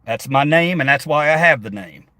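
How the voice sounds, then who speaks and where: A middle-aged man rants from his car over a phone livestream, reading chat and snapping back with sarcasm, aggression and constant profanity. His voice is fairly high, animated and sharp, at a moderate pace, recorded at studio quality with no room sound.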